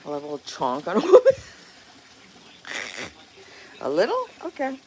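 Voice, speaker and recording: A woman's voice: on the high side, wildly swooping pitch, unhurried, darkish tone, rough recording. A woman hosting a casual livestream outdoors by a pond, rambling, swearing now and then and answering viewer comments aloud. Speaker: livestream host. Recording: outdoor noise in background.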